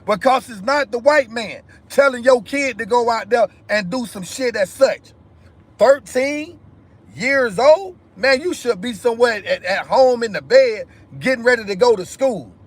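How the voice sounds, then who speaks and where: Emphatic high-voiced man on a livestream. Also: animated, unhurried. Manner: emphatic, repetitive, addresses viewers directly. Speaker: live stream host. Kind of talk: impassioned commentary monologue.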